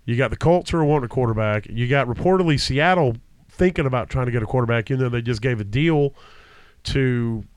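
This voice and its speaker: A man's voice: medium pitch, quick pace, smooth, dry recording. A man co-hosting a casual football talk show who rambles and acts out what the teams might say. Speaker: podcast co-host. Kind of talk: casual sports chat.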